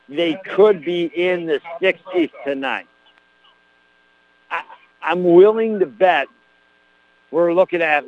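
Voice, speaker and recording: A man as play-by-play announcer on a high school football radio broadcast, chatty and chuckling, who also reads the sponsor spots. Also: animated, slow, long pauses, no echo, low-quality recording.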